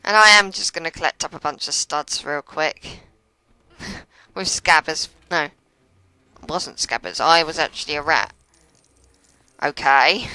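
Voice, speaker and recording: A woman's voice: low-pitched, bright, forceful tone, clear, resonant tone, no room sound, rough recording. A young woman giving chatty, sarcastic gameplay commentary and laughing often. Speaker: let's play commentator.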